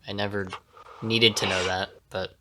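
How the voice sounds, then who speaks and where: A man's voice: fairly low pitch, level tone, normal speed, noisy background. A man co-hosting a casual podcast, swearing freely and laughing often. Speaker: podcast co-host. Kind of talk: casual chat.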